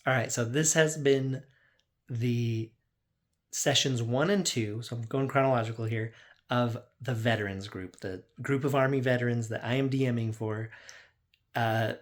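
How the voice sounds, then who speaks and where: A man's voice: mid-range voice, fairly even intonation, normal speed. A man who runs a tabletop game as dungeon master, casually recapping his sessions in a rambling way, full of "like.". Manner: rambling, lots of "like", acts out quotes.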